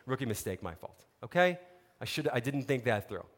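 A man's voice: mid-range voice, sing-song, a little fast, voice pushed down, lightly acted. A man playing Jonah, a sheepish prophet who talks about his own mistake in an offhand, self-mocking way.

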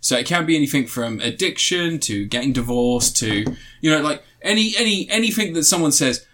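A man's voice: a little high, expressive, fairly quick, fairly bright tone. A man chatting casually as a podcast co-host, retelling a show at length and laughing as he goes. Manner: rambling, laughs through his retellings. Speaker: podcast co-host reviewing shows. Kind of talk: casual chat.

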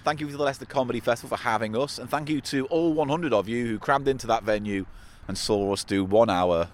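A man's voice: mid-range voice, fast talker. A man hosting a comedy podcast, playful and jokey in casual banter.

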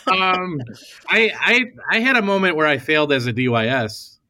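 A man's voice: a little high, sing-song, moderate pace, background noise. A man who is a podcast guest in casual chat, hesitant and full of fillers. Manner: hesitant, many fillers and restarts. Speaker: youth ministry leader, podcast guest.

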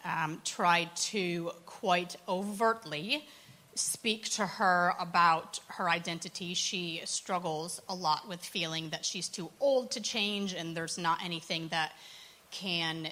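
This is a woman on a church panel who tells her stories earnestly and with real animation. Her voice sits a little low yet rings bright and forward. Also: slow. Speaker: church poverty support worker. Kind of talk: panel conversation storytelling.

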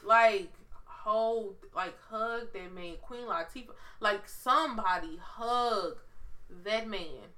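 A woman with a very bright, forceful voice, talking in a loose, animated way. She tells stories with lots of slang and swearing, like an easygoing co-host chatting with a friend. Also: mid-range voice, slow. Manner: animated, profane, slangy storytelling. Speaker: podcast co-host. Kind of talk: casual chat.

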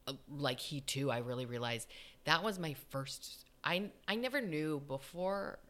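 Low-voiced young woman telling a story, does little voices for people in it. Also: unhurried. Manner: animated storyteller, acts out quoted lines. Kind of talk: casual chat.

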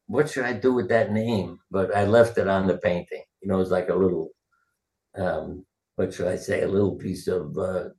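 An older man with a fairly low voice tells loose, rambling stories and acts out the quotes. He is a retired surgeon speaking as an interview guest. His voice rings in a roomy echo. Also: a little mellow. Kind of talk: casual interview storytelling.

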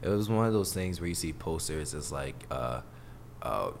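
Deep-voiced young man telling stories. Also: animated, moderate pace, slight background noise. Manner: laid-back storyteller, acts out quotes in other voices. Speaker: guest. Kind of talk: casual podcast chat.

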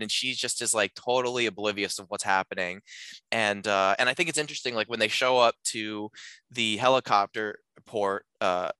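A man casually talking through a film on a podcast, rambling with lots of filler words and acting out lines in animated voices. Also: on the low side, moderate pace, clean tone, no echo.

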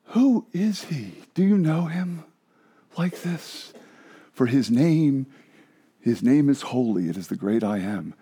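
A man preaching an evangelistic sermon with passion, swinging from hushed low phrases to loud emphatic ones. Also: lively intonation, takes it slowly, pauses often, husky. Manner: frequent laughs and restarts. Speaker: pastor.

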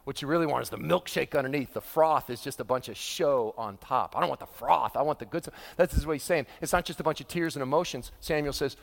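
A middle-aged male pastor preaching a sermon, animated and acting out quoted voices with humor. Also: on the high side, fast, gravelly, hardly any pauses. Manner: animated, acts out quoted voices, laughs with the audience. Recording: long hall reverb.

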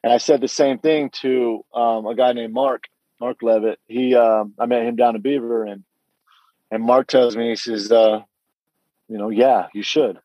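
A man's voice: medium pitch, steady tone, moderate pace, warm tone, dry recording, highs cut off. A middle-aged man giving a candid personal testimony, telling his story earnestly with frequent restarts and quoted dialogue.

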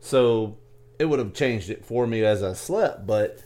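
A man co-hosting a podcast in casual chat, joking around and quick to laugh. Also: lowish voice, lively intonation, warm tone. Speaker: podcast co-host.

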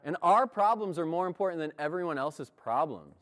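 A man delivers a sermon in church, his fairly high voice rising and falling with lively expression. He talks to the congregation in an easy, conversational way and laughs often as he preaches. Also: fairly quick.

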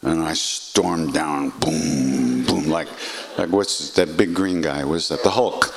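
An older man telling a personal story in an animated way, acting out voices and swearing freely. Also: very deep voice, slow pace, creaky. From United States. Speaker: podcast host.

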